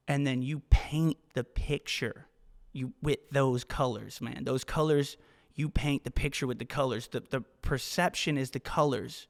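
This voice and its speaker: A man's voice: medium pitch, gravelly, long reverb tail. A man hosting a fitness podcast, delivering a motivational monologue in an emphatic, profane way and often repeating himself. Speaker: podcast host.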